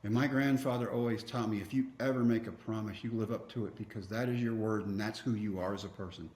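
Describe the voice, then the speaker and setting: A man in his fifties from Texas, a podcast guest telling a story in an animated way, acting out dialogue with wry, self-mocking humor. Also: lowish voice, fast talker. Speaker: podcast guest, former pitcher. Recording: roomy echo.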